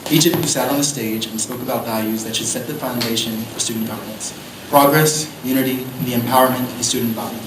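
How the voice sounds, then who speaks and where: A young man gives a formal, rousing debate closing statement in a middle-pitched voice. The hall adds a clear echo, and steady background noise sits under him. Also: fast talker. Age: young adult. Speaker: student candidate.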